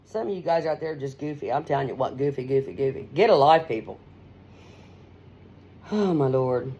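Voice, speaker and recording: Middle-aged lady radio host just rambling folksy straight talk, pitch jumping all over. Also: lively intonation, normal speed, dark tone, slightly rough.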